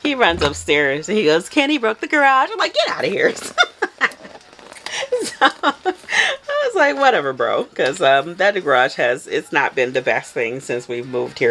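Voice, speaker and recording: A woman chatting casually while packing orders, telling stories in an animated way and laughing often. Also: extremely low pitch, a little hiss or hum, poor audio. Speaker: soap maker vlogger.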